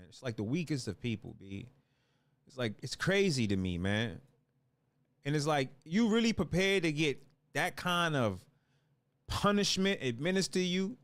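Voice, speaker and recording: A man ranting through an angry commentary monologue in a high voice that leaps all over the place. He speaks with fire and often stumbles and restarts his words. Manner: fiery, restarts and repeats words. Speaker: political commentator.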